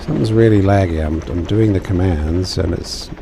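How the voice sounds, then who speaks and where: A man's voice: sits low, normal speed, vocal fry, background noise. A man giving casual, joking commentary while playing a video game, talking to himself as he goes. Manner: chatty, joking asides to himself. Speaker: gamer.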